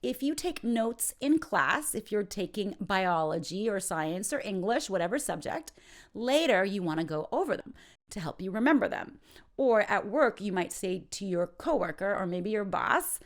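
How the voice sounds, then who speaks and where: Woman teaching english phrases, super animated voice, acts out little scenes for fun. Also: medium pitch. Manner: playful, acts out quick example dialogues. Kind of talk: informal ESL lesson.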